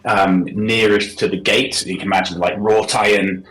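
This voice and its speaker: A man's voice: fairly low pitch, steady tone, normal speed, a bit bright. A man playing in a tabletop game, describing his character's actions in a rambling, hesitant way. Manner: rambling, full of fillers and restarts. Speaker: player. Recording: roomy echo.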